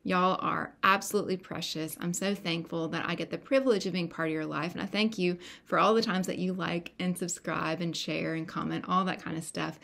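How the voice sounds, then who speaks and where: A woman's voice: on the low side, steady tone, a little fast, creaky, few pauses. A woman with a Southern US accent chatting to camera as host of a crochet podcast, folksy and full of fillers. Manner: chatty, folksy, warm thanks with many fillers. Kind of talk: casual chat to camera.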